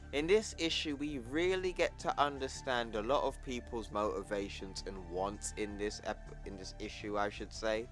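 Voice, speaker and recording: A man's voice: mid-range voice, a bit bright. Slangy young man recapping comics. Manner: chatty and slangy, with asides to viewers. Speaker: YouTube comic reviewer. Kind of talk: casual comic recap narration.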